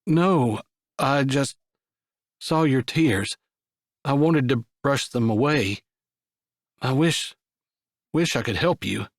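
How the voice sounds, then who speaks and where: A man voicing a gentle young cowboy in an audiobook romance, earnest and tender. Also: mid-range voice, lively intonation, takes it slowly, long pauses, no room sound, studio quality. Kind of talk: audiobook dialogue.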